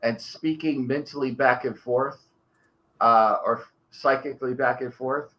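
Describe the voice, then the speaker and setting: A man's voice: mid-range voice, fairly even intonation, a little slow, dull audio. A man running a tabletop game as game master, describing scenes and explaining options.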